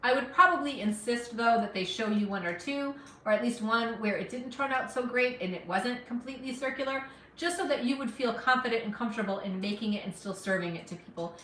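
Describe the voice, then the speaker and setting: A woman's voice: fairly high pitch, a little fast, fairly bright tone, reverberant, far from the mic, slight background noise. A middle-aged woman from Afghanistan with no accent, chatting to livestream viewers while she cooks. She sniffles a little from allergies. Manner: chatty, encouraging, talks to viewers while cooking. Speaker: cooking livestreamer. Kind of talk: casual live cooking stream chat. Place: home kitchen.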